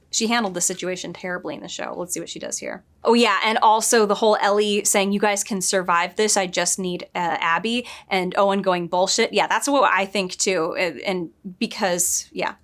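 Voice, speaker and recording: A woman talks through a game she is watching in a loose, chatty way. She is opinionated and throws in quick asides. Her voice sits at an ordinary middle pitch. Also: a bit bright. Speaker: book editor reviewing a game. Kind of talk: casual commentary over gameplay.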